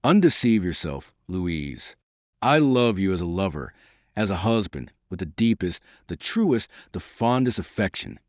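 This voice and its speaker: A wounded young nobleman in an audiobook, grave and bitter yet dignified, as a male narrator reads him. The voice sits low and moves expressively, recorded dry and close. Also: very animated, a little slow, no echo. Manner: earnest, grave.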